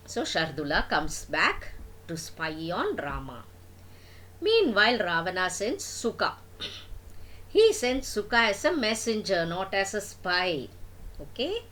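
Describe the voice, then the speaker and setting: A woman's voice: mid-range voice, takes it slowly, rough recording. Grandmother telling a story to children. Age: older. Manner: asks the listeners questions, animated.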